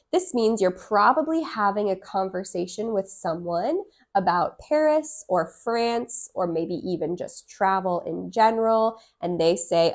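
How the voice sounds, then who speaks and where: A woman teaching English grammar, reading each example sentence slowly and repeating it. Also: mid-range voice. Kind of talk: slow, clear grammar lesson.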